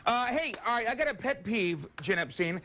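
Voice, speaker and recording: A man's voice: high voice, animated, normal speed, sharp tone, a little hiss or hum. A man, a morning show reporter bantering and joking live on location. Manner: jokey, playful, teasing. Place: on location at a pawn shop.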